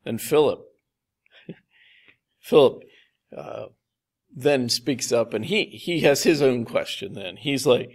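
Brief: male pastor, mid-pitched and gravelly, chatty sermon delivery with slow, emphatic repeats. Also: lively intonation. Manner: conversational, with slow, emphatic repetition.

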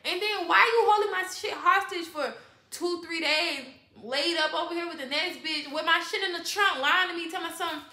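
A woman telling a storytime vlog straight to her viewers, animated and heavily profane. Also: very high voice, moderate pace, reverberant. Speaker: vlogger.

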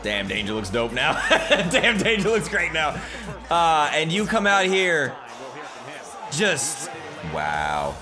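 Animated young man doing game commentary. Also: on the high side, slow, pauses often, over music, crowd noise. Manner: animated, reads wrestling promos aloud with mocking trash talk. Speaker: gaming YouTuber. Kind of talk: let's play commentary.

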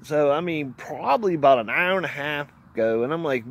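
A male outdoors vlogger with a fairly high pitch and lively intonation talks fairly quickly through a meandering hunting anecdote. He keeps it folksy and plainspoken, laughing regularly and dropping a mild curse now and again.

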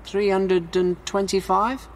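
A man's voice: high voice, little pitch movement, slow, slight background noise, voice pushed up. Man doing an eager teenage lad. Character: young man of seventeen, restless and eager.

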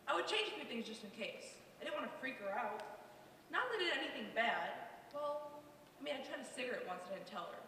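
A woman's voice: sits high, sing-song, quick pace, bright, forceful tone, slight background noise, exaggerated voice. A woman playing a chatty young granddaughter who confides in a stage monologue. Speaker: stage actor. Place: school stage. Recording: echoey hall from far off.

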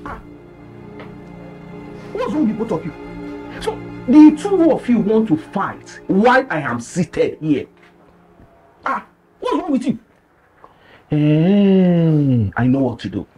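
A slow, swooping, exasperated elder chairing a meeting, faint score behind. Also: male voice, sits high, wildly swooping pitch, warm tone, soft background music, heavily acted. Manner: exasperated, reproachful. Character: weary village elder chairing a family meeting.

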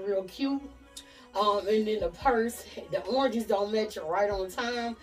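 A woman's voice: mid-range voice, darkish tone, far from the mic, low-quality recording. Chatty Southern woman, off-mic, faint music. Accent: Southern American. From Nashville, USA. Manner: chatty, keeps saying "y'all" and "honey". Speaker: fashion vlogger. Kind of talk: casual try-on chat to camera.

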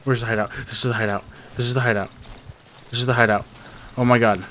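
A man's voice: medium pitch, steady tone, quick pace, a bit bright, a little hiss or hum. A young man giving rambling, nervous let's-play commentary to his viewers, often panicking and talking to himself. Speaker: gaming YouTuber.

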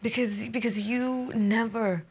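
An actress playing a guilty, defiant ex-fiancée who pleads and accuses by turns. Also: female voice, a little high, fairly even intonation, takes it slowly, a little mellow, breathy edge, heavily acted. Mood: emotional. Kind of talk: romantic drama acting.

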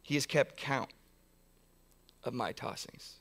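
A man preaching from the pulpit in an earnest, steady voice of ordinary pitch. He builds his points through long strings of repeated phrases, often restarting mid-thought. The sound is that of a church sermon. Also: slow, gravelly. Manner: earnest, repetitive build-ups with frequent restarts. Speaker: pastor. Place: church sanctuary.

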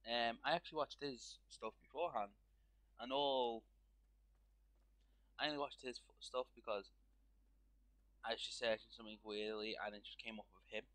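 A man's voice: mid-range voice, fairly even intonation, moderate pace, long pauses, a bit bright, dry recording. Rambling man commenting on his gameplay. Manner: rambling, restarts sentences, many fillers. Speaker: gaming YouTuber.

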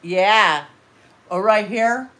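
A woman hosting a casual live stream, chatting to viewers and gushing with excitement as she opens mail. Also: mid-range voice, extremely slow. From California. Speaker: channel host.

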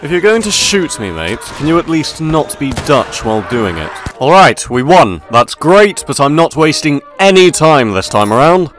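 This gaming video creator talks at normal speed with hardly any pauses, his fairly high, slightly bright voice swinging widely in pitch. His in-character gameplay commentary is mock-pompous upper-class officer banter, punctuated by laughs at his own jokes over faint background music.

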